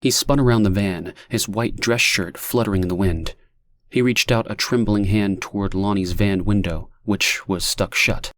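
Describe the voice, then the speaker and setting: A man narrating an audiobook in a steady, measured reading. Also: fairly low pitch, no room sound. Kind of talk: scripted narration.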